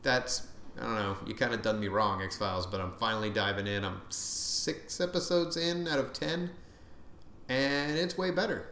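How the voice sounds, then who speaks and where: Man host, wry casual delivery, mid pitch, roomy echo. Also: normal speed, fairly bright tone. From Canada. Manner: wry, reads listener emails aloud. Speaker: podcast host. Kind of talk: casual chat. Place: room with several people. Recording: echoey room, faint background noise.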